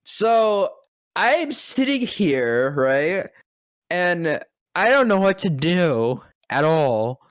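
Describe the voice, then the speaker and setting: A voice actor telling a breathless, profane, self-mocking story on a podcast. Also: male voice, high voice, very animated, very slow, smooth, no room sound, clean studio sound. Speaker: voice actor and guest. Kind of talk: excited anecdote telling.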